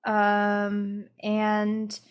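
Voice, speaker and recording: Young midwest woman cohosting a podcast, easygoing, mid pitch. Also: completely flat delivery, very slow, clear, resonant tone. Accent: American Midwest. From American Midwest. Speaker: podcast co-host. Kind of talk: casual chat.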